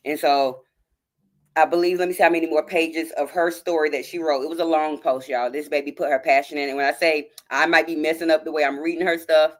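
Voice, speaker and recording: Fairly quick and deep-voiced with fairly even intonation, a woman hosts a phone-recorded live stream and reads a story while near tears. She calls viewers "y'all" and greets chatters individually by name.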